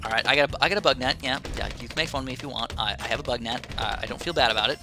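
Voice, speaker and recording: A young man telling a rambling, excitable story while playing a video game, full of fillers. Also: mid-range voice, very fast. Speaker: gaming YouTuber. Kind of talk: casual storytelling over gameplay. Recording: game music behind voice.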